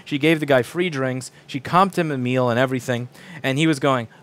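A man's voice: mid-range voice, brisk, a bit bright. A man in his thirties, a repair shop owner, ranting casually to camera, profane, acting out quoted people in shifting voices.

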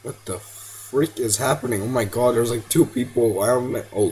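Heard on a low-quality recording with slight background noise, a teenage gamer commentates casually on his gameplay at normal speed in a medium-pitched voice with few pauses. He's excitable, yelping and pleading at the game, slipping into now and then.

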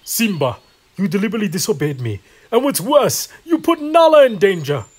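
A man's voice: high voice, big pitch swings, fairly quick, husky, voice pushed up, full character voice. A man doing an impression of a stern, commanding male lion king scolding his son, a scolding tone he himself calls poor.

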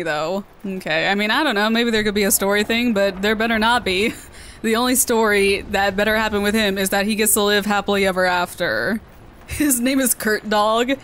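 Southern American woman gaming host, mid-pitch, playful let's play chatter. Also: fairly even intonation, moderate pace, a bit bright, a little hiss or hum. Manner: chatty, playful, talking to herself.

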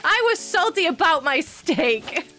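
A woman gaming streamer with a high, lively voice that swoops up and down as she chats. She talks playfully and scolds her teammates in mock outrage. Faint music plays behind her. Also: measured pace. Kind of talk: casual gameplay commentary.

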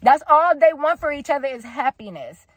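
A young woman with a high, bright-pitched voice gushes through a TV episode reaction. Her pitch leaps up and down as she talks straight to her viewers. She is emphatic and curses casually. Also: lively intonation, moderate pace, dry recording.

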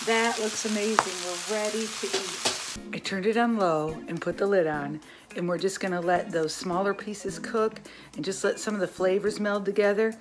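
A woman's voice: mid-range voice, fairly even intonation, normal speed, rough recording. A woman hosting a home cooking demonstration in her kitchen, chatting viewers through each step. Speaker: home cooking channel host. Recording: loud sizzling pan noise.

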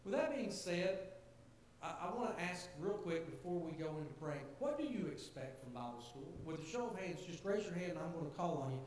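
A man's voice: fairly high pitch, big pitch swings, fairly quick, a little mellow. Earnest preaching man in an echoey church. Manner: earnest, conversational preaching with rising emphasis. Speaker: pastor. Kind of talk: sermon to a church gathering. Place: church sanctuary. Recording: very echoey church hall, faint hiss.

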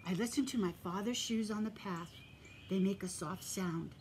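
Woman, preschool teacher, storybook read-aloud, gentle, encouraging, soft whispers, medium pitch. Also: normal speed, noisy background. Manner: gentle and encouraging, addresses children directly; drops to a soft whisper for quiet moments. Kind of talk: reading a picture book aloud to young children.

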